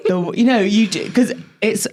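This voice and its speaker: A man's voice: high-pitched, moderate pace, darkish tone, slight background noise. A man co-hosting a podcast in casual chat, telling stories animatedly, swearing freely and acting out quotes. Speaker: podcast co-host.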